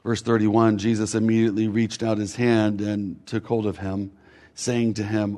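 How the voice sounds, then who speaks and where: A man preaching a sermon in a measured way, building rhythmic lists whose last words fall away. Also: lowish voice, level tone, warm tone.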